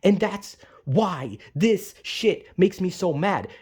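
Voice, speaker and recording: Young adult vlogger venting in a heated, profane monologue, voice neither high nor low. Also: expressive, takes it slowly, a little mellow, slightly rough. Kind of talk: angry ranting monologue.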